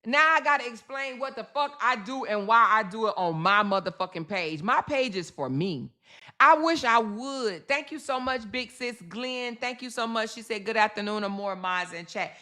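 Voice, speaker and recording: A woman's voice: medium pitch, pushed and bright. A woman hosting a casual livestream, reading chat comments aloud and venting bluntly with lots of swearing and repetition. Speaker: livestream host.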